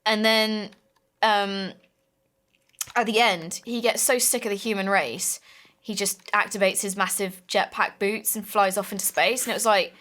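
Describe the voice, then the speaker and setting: A woman's voice: medium pitch, fairly even intonation, unhurried, a bit bright. A young woman co-hosting a gaming let's play, chatting casually with a bubbly, joking manner and rambling restarts. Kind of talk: casual chat over gameplay.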